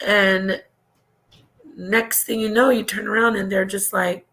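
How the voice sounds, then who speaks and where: A woman's voice: mid-range voice, flat delivery, unhurried, pauses often, a bit bright. A woman hosting a casual livestream and reading viewer comments, talking in a rambling, emotional way with laughs and restarts.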